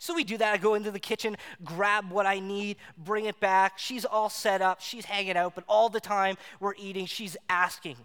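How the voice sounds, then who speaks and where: A man preaching a sermon, telling a personal story in an animated way and acting out the voices in it. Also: high voice, moderate pace, few pauses, clean tone. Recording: long hall reverb.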